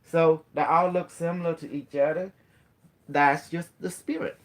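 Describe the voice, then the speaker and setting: A man's voice: fairly high pitch, steady tone, normal speed. A man giving a casual spiritual talk. He rambles, repeats himself and keeps asking his listener questions. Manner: rambling, repetitive, breaks into playful chanting.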